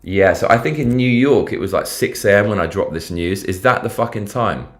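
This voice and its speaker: A man with a fairly low voice and a London accent talks a little fast while hosting a casual livestream. Reading viewer comments and chatting over the news, he rambles in slang and swears freely.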